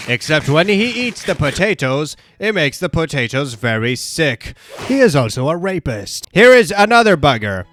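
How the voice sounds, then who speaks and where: A man narrating a comedy explainer video in a deadpan, mock-serious voice-over. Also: on the high side.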